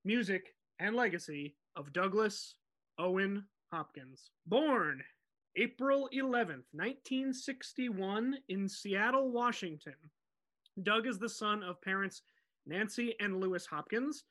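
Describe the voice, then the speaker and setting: A man with a high, bright voice hosts a podcast and leads the storytelling. He talks in a casual, animated, chatty way and laughs easily as he goes. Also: measured pace. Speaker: podcast host telling the story.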